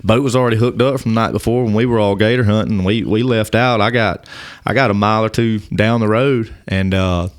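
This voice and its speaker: A man speaks in a lowish, dry voice and gives his testimony as a podcast guest. He is earnest and halting, and he often restarts and repeats his words. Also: fairly even intonation, clear, resonant tone, no echo. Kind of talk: personal testimony in casual conversation.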